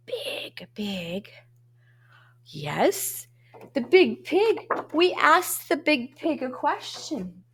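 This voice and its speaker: A woman music teacher giving a lesson to young children, talking in an animated way and swooping between high and low voices. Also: extremely slow.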